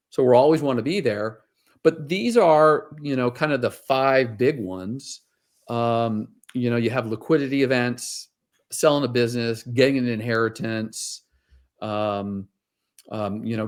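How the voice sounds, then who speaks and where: A man at a middle pitch speaks casually as an interview guest. He tells stories in a loose, rambling way, full of fillers and restarts. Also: a little slow. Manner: storytelling, many fillers and restarts. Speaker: guest financial advisor.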